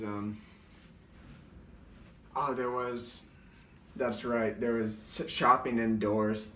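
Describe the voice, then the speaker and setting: Recounting his sketches, a comedian rambles through casual stories in a lowish, fairly bright voice. He says "like" constantly, keeps restarting sentences, and briefly mimics voices, all captured by a distant mic in a roomy space.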